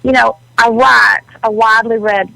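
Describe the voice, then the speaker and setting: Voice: mid-range voice, steady tone, moderate pace, creaky, sharp tone, low-quality recording. A performer voicing a fussy Southern society lady columnist who stammers and fusses, calling in to a radio show. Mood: prissy. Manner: flustered, prissy, hesitant restarts. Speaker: celebrity hotline caller. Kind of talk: comedy character bit on radio.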